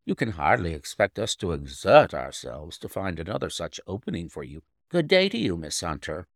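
A man's voice: deep voice, big pitch swings, normal speed, vocal fry, no echo, studio quality, pitched below the performer's own voice, heavily acted. A man reading an audiobook, voicing a curt, annoyed woman who runs an employment agency. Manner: curt, sharp.

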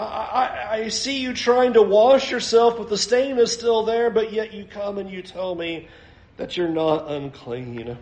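A male pastor delivers a sermon with animated, storytelling energy and slips into the voices he quotes. His voice sits high for a man. The room around him has a noticeable echo.

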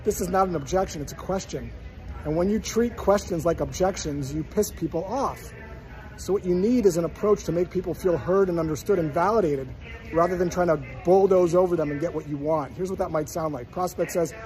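High-voiced man giving sales advice. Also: fairly quick, poor audio. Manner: calm, direct, advisory. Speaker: sales coach. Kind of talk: short instructional talk.

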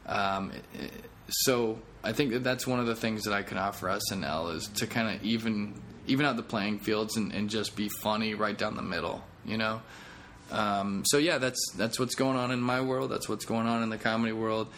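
Rambling, jokey low-voiced man. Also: moderate pace, a bit bright, slight background noise. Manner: rambling, jokey, self-deprecating. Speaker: comedian and podcast host. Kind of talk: casual podcast monologue.

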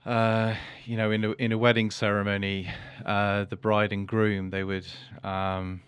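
A man's voice: lowish voice, little pitch movement, unhurried, a bit bright, smooth, dry recording. A man being interviewed as an author, talking casually and hesitantly, with many restarts and fillers. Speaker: author and guest.

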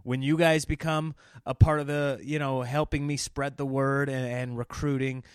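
A man from Nebraska talks through a casual podcast monologue at a middle pitch, rambling from one story to the next. He acts out other people's lines as he goes. The recording is close and dry, with no room sound. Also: moderate pace, clear, resonant tone, no room sound. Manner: rambling, animated storytelling with acted-out quotes. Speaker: comedian and podcast host.

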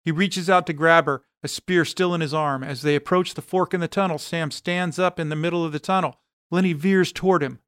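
A man narrates an action story with a smooth, clear voice pitched a little high. His delivery is steady and even, and the recording is dry and close, with no room around it. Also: brisk, no room sound.

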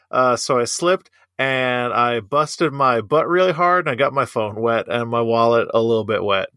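A man in casual podcast chat who laughs a lot and jokes with loose, profane humor. His voice sits at an ordinary middle pitch. The sound is dry and close, with no room around it. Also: a bit bright, smooth, dry recording. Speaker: podcast co-host.

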